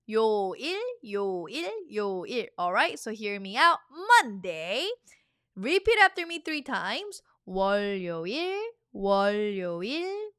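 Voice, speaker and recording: A woman's voice: medium pitch, a bit bright, smooth, no room sound, clean studio sound. A young woman teaching a vocabulary lesson, chatty and encouraging, repeating each word three times for the learner to copy. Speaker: Korean language teacher.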